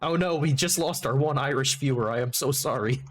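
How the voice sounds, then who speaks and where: Man, game streamer, casual chat, rambling, joking, mid-pitched voice, faint background noise. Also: fairly quick. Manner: rambling, joking, self-interrupting. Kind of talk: casual livestream chat while gaming.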